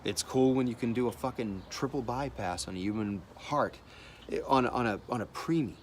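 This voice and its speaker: Blunt, animated male artist, profane monologue, faint ambient noise behind. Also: mid-range voice, moderate pace. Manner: blunt, animated, swears freely. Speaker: artist sharing opinions.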